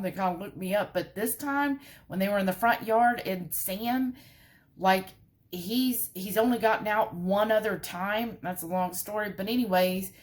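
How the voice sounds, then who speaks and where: Woman, chatty vlogger, animated storytelling with lots of asides. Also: mid-range voice. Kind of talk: casual storytelling.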